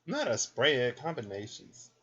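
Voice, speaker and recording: A man's voice: medium pitch, wildly swooping pitch, unhurried, fairly bright tone, breathy edge. A man giving a casual card reading, chatty and thinking aloud as he goes. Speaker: card reader. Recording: dull lo-fi recording.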